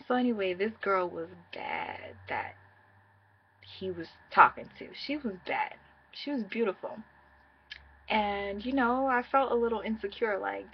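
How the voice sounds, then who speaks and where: A woman's voice: mid-range voice, moderate pace, dull audio, a little hiss or hum. A woman telling a personal breakup story in a casual, candid, profane way, speaking straight to her viewers.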